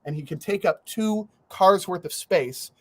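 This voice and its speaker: A man hosting a podcast, telling a story in casual chat, animated, laughing through it and swearing freely. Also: sits high, measured pace. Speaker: podcast host.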